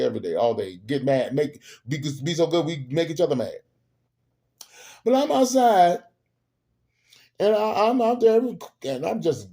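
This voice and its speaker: A man hosting a show, telling family stories in a casual, animated and emphatic way with salty humor. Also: on the high side. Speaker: host. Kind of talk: casual storytelling monologue.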